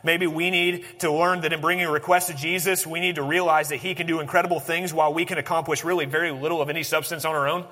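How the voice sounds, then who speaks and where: Man preaching, fairly high voice, bright and forceful, long hall reverb. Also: fast, few pauses. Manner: animated preaching, dropping to soft intense tones for emphasis. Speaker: pastor. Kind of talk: sermon.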